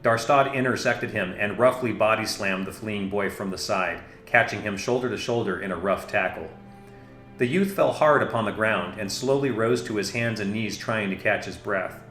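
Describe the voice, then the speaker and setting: A man narrating a fantasy story in a steady, measured reading. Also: on the low side, faint music behind. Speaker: audiobook narrator. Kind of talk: scripted narration. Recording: echoey room.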